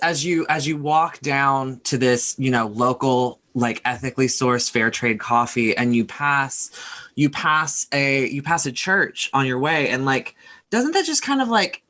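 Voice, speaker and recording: A woman's voice: fairly low pitch, a bit bright. A woman running a tabletop role-playing game as game master, narrating scenes in a rambling way with many restarts and fillers.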